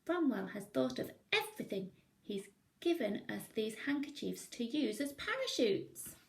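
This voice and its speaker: A woman voicing an eager, excited little male teddy bear in a children's storybook. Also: a little slow, creaky, slight background noise, exaggerated voice. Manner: excited, high and bright.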